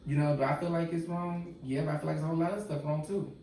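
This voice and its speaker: A man speaks frankly in relaxed, slangy talk as a podcast guest. He sits well away from the mic in a very echoey room. A faint hiss of noise runs under the voice. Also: fairly high pitch, very fast, recorded from a distance. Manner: candid, talks in casual slang. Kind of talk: casual podcast conversation.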